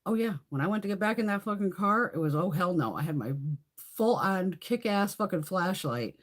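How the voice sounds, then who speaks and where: Husky, foul-mouthed woman telling a story. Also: mid-range voice, brisk. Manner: profane, animated storytelling with frequent laughs. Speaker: beauty vlogger. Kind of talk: casual live-stream chat.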